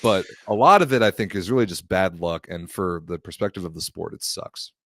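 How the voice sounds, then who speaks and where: A man's voice: low-pitched, expressive, fairly quick, a bit bright, dry recording. A man co-hosting a casual sports podcast, blunt and scoffing in his opinions. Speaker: podcast co-host.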